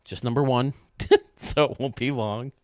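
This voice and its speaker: Male streamer, casual and joking, cusses, dry close sound, mid pitch. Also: fairly even intonation, a little slow, darkish tone, no echo. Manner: chatty, joking, swears freely, talks to viewers by name. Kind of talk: casual live-stream chat while gaming.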